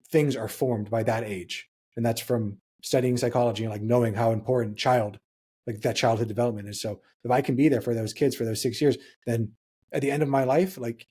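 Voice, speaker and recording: A man's voice: medium pitch, warm tone, slightly rough. A young man from Hawaii, co-hosting a podcast, talking in an earnest, reflective way and telling stories. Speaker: podcast co-host. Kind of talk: casual podcast chat.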